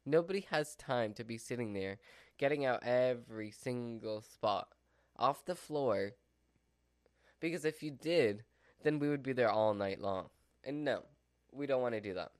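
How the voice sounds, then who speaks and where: A man's voice: mid-range voice, lively intonation, a little slow, dry recording, studio quality. A man vlogging from home in a rambling casual chat, full of "like" and "so" fillers. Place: at home with his dog. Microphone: mic within his dog's reach.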